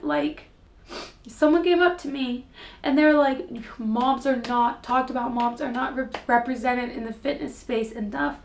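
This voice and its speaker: A woman's voice: sits high, reverberant. A young woman and mom talking tearfully and earnestly to her viewers in a personal vlog, her voice wavering as she holds back tears. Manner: heartfelt and earnest, speaks directly to viewers. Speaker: fitness creator and mom. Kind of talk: emotional personal vlog to camera.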